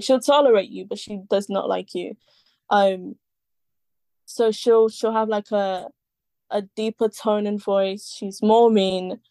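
A woman's voice: mid-range voice, darkish tone, no room sound. A woman talking as a podcast guest in casual chat, rambling with many fillers and the odd swear word.

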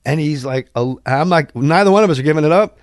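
A man with a gravelly, creaky edge tells comic stories with loud bursts of energy. He acts out sound effects and other people's lines. The sound is dry and close, with no room echo. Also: on the high side, fast. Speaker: podcast guest. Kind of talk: animated comic storytelling.

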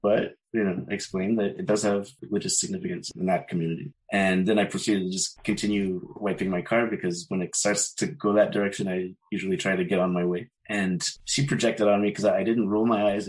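A man speaking as a panel guest, telling a personal story in a calm, measured, frank way. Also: low voice, low-quality recording. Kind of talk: casual storytelling in a panel discussion.

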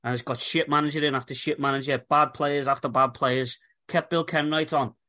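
A man's voice: a little high, steady tone, a little fast, sharp tone. A man on a casual podcast, blunt and worn down, swearing now and then. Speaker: podcast panelist.

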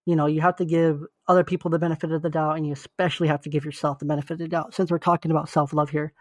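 This young podcast co-host has the flu but still chats casually, sounding earnest, encouraging and relaxed. He speaks very fast in a fairly high voice that barely moves in pitch, with no room sound at all.

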